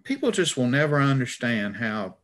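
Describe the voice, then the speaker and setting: A male author with a northern Alabama accent appears as a guest in a conversational interview over a video call, stammering and self-deprecating. His mid-range voice is very animated and a bit bright, at a normal speed.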